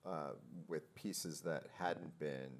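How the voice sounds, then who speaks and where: Guy with a super deep voice asking questions slow, lots of uhs. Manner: hesitant, halting, many fillers. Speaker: interviewer. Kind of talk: interview.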